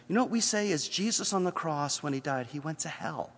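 A man preaching a sermon as pastor, earnest, moving between hushed passages and emphatic appeals. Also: a little high, a little fast, few pauses, in a large hall.

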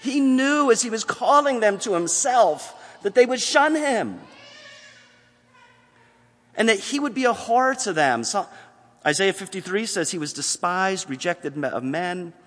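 A man preaching a sermon as pastor, earnest, moving between hushed passages and emphatic appeals. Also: high voice, expressive, a little slow, long reverb tail.

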